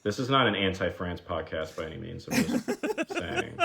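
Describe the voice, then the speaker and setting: A man guesting on a podcast, telling stories in a casual, animated way, saying "like" a lot and acting out the people he quotes. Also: low voice, normal speed, creaky. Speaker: guest screenwriter.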